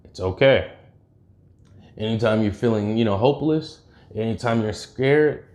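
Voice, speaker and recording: A man voicing a stern, weary woman fighter who mentors a boy, speaking low and subdued. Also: unhurried, darkish tone, natural voice.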